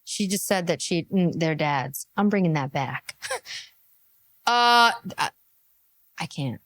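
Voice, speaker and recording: A woman's voice: on the low side, expressive, slow pace, a bit bright, dry recording. A woman reacting to a podcast clip, incredulous and laughing, mocking what she hears with put-on voices. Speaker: reaction commentator.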